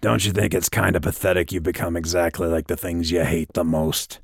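A man voicing a grinning, inhuman winged creature with claws, speaking in a slow, low, menacing murmur. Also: flat delivery, creaky, breathy edge, dry recording, studio quality, full character voice. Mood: menacing calm.

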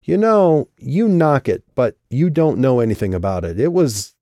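A man reading an audiobook and voicing a guarded, quick-witted young woman who was once in a band. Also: medium pitch, expressive, dark tone, no room sound, clean studio sound, natural voice. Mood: defensive.

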